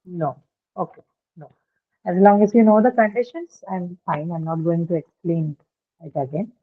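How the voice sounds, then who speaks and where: A woman's voice: on the low side, fairly even intonation, moderate pace. A woman teaching an online phonetics lesson, asking frequent check questions and using many fillers. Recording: tinny phone-like call audio.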